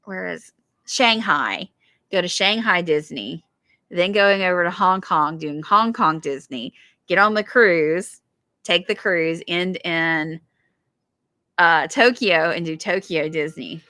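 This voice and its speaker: A woman's voice: on the low side, takes it slowly, pushed and bright, no room sound. A woman co-hosting a casual live stream from a backyard, chatting and reading out viewer comments with frequent laughter. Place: backyard, outdoors.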